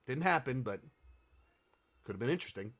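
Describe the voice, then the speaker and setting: A man's voice: medium pitch, lively intonation, brisk, fairly bright tone. A man hosting a casual commentary video, answering viewer questions, rambling and thinking aloud with many restarts and sarcastic stretches.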